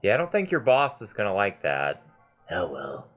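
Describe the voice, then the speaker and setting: A man hosting a let's play, giving excitable, gushing game commentary and swearing casually. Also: lowish voice, normal speed, lo-fi sound, faint music behind.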